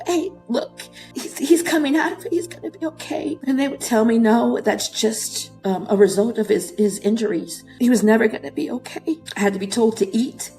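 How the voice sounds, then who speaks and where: A woman in her thirties telling a painful personal story in an interview, her voice often breaking with emotion. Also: mellow. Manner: tearful, voice breaking and rising into high emotion.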